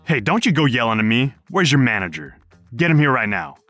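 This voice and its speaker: A man voicing a rude, angry male coworker who talks in a loud, demanding way. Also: mid-range voice, big pitch swings, fairly quick, no room sound, faint music behind. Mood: indignant.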